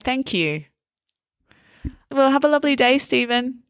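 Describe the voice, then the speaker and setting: A woman's voice: high-pitched, lively intonation, measured pace, clean tone, no echo, studio quality. A woman hosting a podcast and chatting in a friendly way, with frequent ums. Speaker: podcast host. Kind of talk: casual interview chat.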